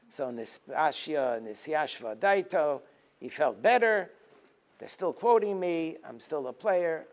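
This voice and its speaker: A rabbi giving a teaching talk, telling stories and acting out their dialogue, sometimes rising to forceful emphasis and then dropping low. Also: male voice. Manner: storytelling, acting out dialogue in a lively voice. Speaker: rabbi and lecturer. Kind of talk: Tisha B'Av teaching talk.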